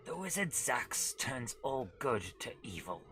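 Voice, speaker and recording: A grave fairy-tale prince from a retro game, read aloud by a woman, delivering a solemn warning in a plain voice. Quiet music sits in the background. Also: very deep voice, big pitch swings, unhurried, exaggerated voice.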